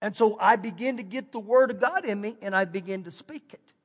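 A middle-aged Texan pastor with a fairly high voice preaches in a folksy, animated way, doubling his phrases as he tells a story. His voice rings with a long reverb from a large church hall. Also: a little fast. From Texas. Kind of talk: storytelling sermon. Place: church sanctuary.

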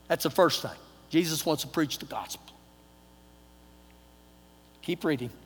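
A middle-aged man with a Texan accent preaching a sermon, telling a personal story in a folksy way, acting out dialogue, his voice swinging between loud and hushed. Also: a little high, normal speed, long pauses, slightly rough. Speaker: pastor. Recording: long hall reverb.

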